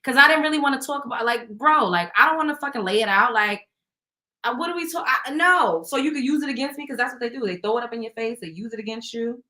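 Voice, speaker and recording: A woman host in casual chat, talking in a bright, forceful, slightly high voice. She tells stories bluntly, swears freely and often laughs between lines. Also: animated, quick pace. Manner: blunt, profane storytelling.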